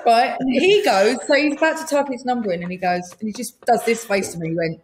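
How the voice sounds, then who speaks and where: A British woman, a guest singer, telling a lively anecdote on a podcast and acting out the people in it. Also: a little high, fast talker, slight background noise. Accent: British English. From Britain. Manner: lively anecdote-telling, acts out quoted voices. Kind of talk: casual podcast storytelling.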